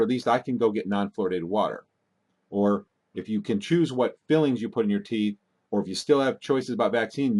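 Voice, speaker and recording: A man's voice: fairly low pitch, darkish tone. A man hosting a call-in talk show, rambling and getting worked up, with many restarts.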